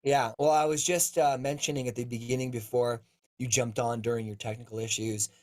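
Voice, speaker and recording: A man's voice: medium pitch, fairly even intonation, a little fast. Upbeat joking man on a video call. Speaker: co-host of live Q&A. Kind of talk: casual live-stream chat.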